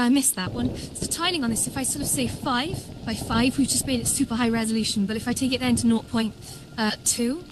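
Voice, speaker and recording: A woman livestreamer giving excitable building commentary, thinking aloud with lots of fillers. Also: fairly high pitch, slight background noise, low-quality recording. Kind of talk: live-streamed world-building commentary.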